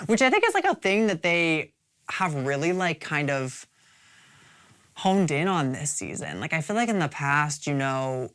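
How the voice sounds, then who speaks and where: A woman's voice: low voice, big pitch swings, normal speed, a bit bright. A woman hosting a casual review of a drag competition show, chatty and swearing freely, with lots of "like" and "you guys.".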